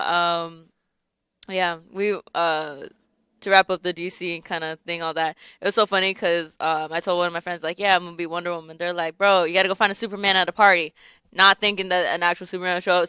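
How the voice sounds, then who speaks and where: A young woman hosts a morning radio show, chatting casually and breaking into giggles as she tells a story. Her voice is bright and smooth, and the studio mic picks it up close and dry. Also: fairly low pitch, fairly even intonation, fast talker, dry recording. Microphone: studio microphone.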